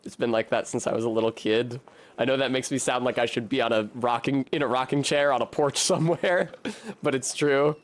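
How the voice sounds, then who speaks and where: A man's voice: mid-range voice, fairly even intonation, brisk. A man casually commenting on a game he plays, chatty with joking asides. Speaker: streamer. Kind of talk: casual let's-play commentary.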